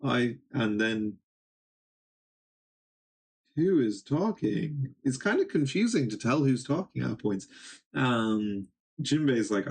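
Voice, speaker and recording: A man's voice: medium pitch, animated, slow, creaky, long pauses, darkish tone, slightly rough. A young man casually reading and recapping a comic, rambling with many ums and little laughs. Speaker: manga reaction streamer.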